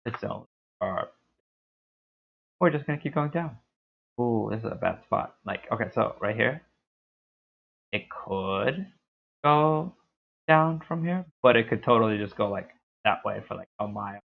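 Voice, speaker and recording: A young man streaming a game, talking through his play in a laid-back, rambling way with a deep, dark voice. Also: lively intonation, unhurried, gravelly, long pauses. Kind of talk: casual gameplay commentary. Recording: tinny lo-fi stream mic.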